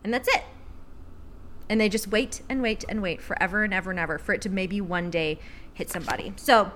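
A woman's voice: mid-range voice, a little fast, a bit bright, a little hiss or hum. A woman co-hosting a casual chat, rambling with many fillers and casual swearing, reading a book passage aloud. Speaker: podcast co-host.

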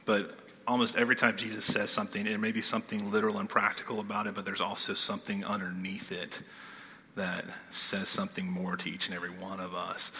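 Conversational preacher with a bright edge. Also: male voice, on the low side, a little fast, big-room sound, slight background noise. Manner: conversational, animated, keeps asking "okay?". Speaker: pastor. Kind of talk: sermon.

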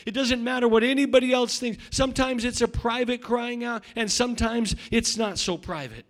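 A middle-aged male pastor preaching a sermon, swinging between loud shouting and quiet asides, often repeating words and restarting. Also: very high voice, normal speed, hardly any pauses.

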